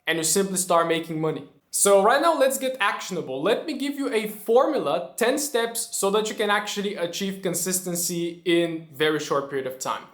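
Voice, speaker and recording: A man's voice: high-pitched, animated, normal speed, few pauses, fairly bright tone. A man teaching traders in an emphatic motivational talk, often checking in with "right?". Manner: emphatic, keeps asking "right?". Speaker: trading educator. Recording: roomy echo.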